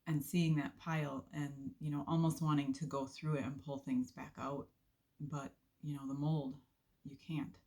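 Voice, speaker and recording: A woman giving an earnest, unhurried devotional talk with soft laughs, sharing a faith testimony from her volunteer work. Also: sits low, little pitch movement.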